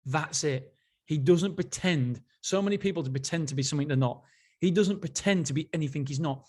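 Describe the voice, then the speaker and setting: A man's voice: on the high side, brisk, darkish tone, slightly rough. A man hosting a casual solo book review, enthusiastic and rambling, often restarting his sentences. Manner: enthusiastic, rambling, self-interrupting. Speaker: podcast host.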